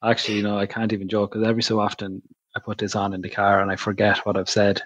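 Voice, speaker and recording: A man's voice: on the low side, completely flat delivery, fast, a bit bright, slightly rough. A man hosting a podcast who chats casually, jokes and leads the questions. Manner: chatty, jokey, leads the questions. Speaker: podcast host. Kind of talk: casual chat.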